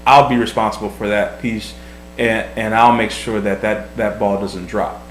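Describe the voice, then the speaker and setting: This man in his thirties, a vlog host and husband, has a lowish voice with a steady tone and a moderate pace. Earnest and reflective, he gives casual marriage advice, repeating words as he thinks; the echoey room carries a faint hum.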